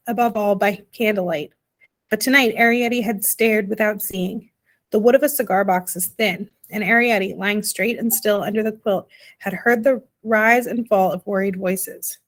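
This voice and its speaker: A woman narrating a children's storybook in a calm, steady voice of middle pitch. Her delivery is gentle and even. She reads at an easy pace. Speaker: audiobook reader.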